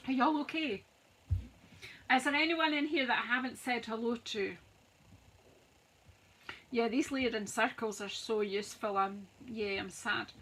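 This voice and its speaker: Woman craft host, bright higher voice, slow and chatty while listing prices. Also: slight background noise, rough recording. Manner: chatty, rattling off prices like an auctioneer. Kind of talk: live-stream product walkthrough.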